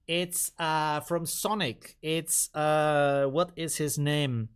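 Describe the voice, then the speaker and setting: A man's voice: a little high, a little slow. A man hosting a casual live stream, musing aloud and rambling as he reacts to memes. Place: home studio in Vienna.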